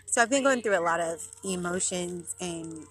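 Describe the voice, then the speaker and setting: A woman's voice: on the low side, moderate pace, fairly bright tone. A woman in her thirties hosting a podcast, chatting casually and rambling with many fillers, a little out of breath, recorded outdoors at a park. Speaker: podcast host. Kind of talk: casual chat.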